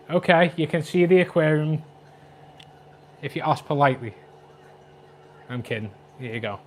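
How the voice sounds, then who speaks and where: A man in his twenties with a Scouse accent, chatting quickly and jokily on a livestream about his aquarium, reading out viewer comments. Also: fairly high pitch. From Liverpool, England. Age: 20s. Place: flat at home.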